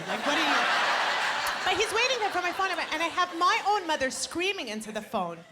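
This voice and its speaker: A woman's voice: very high-pitched, very animated, brisk, heavy background noise. A woman in her twenties doing punchy, self-mocking stand-up comedy on a club stage. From Canada. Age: 20s. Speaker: stand-up comic. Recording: stage mic with roaring audience. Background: loud audience laughter.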